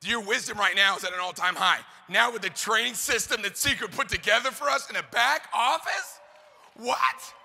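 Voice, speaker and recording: A man giving a fast-firing motivational speech to a live audience, pumping up the crowd with call-and-response questions and shouts. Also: high-pitched, gravelly. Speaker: motivational speaker. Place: large event hall. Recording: hall reverb, live event.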